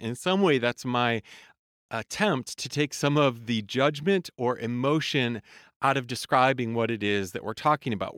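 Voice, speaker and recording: A man in a voice lesson podcast speaks with a smooth, resonant tone in a dry, close recording. He explains each point calmly and in measured steps. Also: mid-range voice, dry recording. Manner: calm, explanatory, demonstrates sung vowel sounds. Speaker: voice coach.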